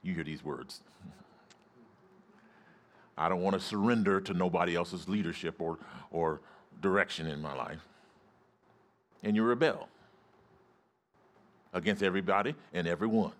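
A man preaching a sermon as pastor in a church, calling out to the congregation and rising into excited shouts. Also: deep voice, normal speed, long pauses. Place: church sanctuary.

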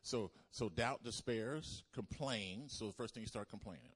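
A man preaching a sermon as pastor, animated, calling the congregation to respond. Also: on the low side, moderate pace, breathy edge.

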